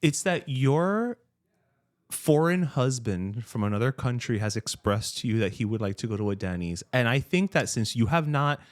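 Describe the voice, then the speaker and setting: A man's voice: medium pitch, moderate pace. A man co-hosting a podcast, teasing his co-host in playful casual chat. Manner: teasing, playful, lively delivery.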